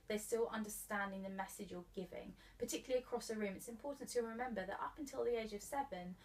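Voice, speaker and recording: A woman giving calm, clear advice on handling children's behaviour in an interview, in an instructive way, a little away from the mic. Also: mid-range voice, far from the mic.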